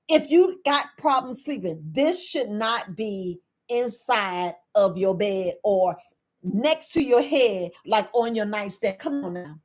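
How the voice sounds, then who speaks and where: A middle-aged woman herbalist, talking casually to her viewers, animated and laughing often. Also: fairly high pitch. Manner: animated, laughing, acts out quoted people in a raised voice. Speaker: herbalist host.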